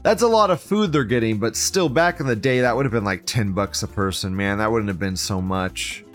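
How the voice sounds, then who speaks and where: Over soft background music, a man talks fairly quickly as he hosts his online show and reads forum posts aloud. He responds with lots of profanity and sarcasm, alternating between loud mocking and low muttering.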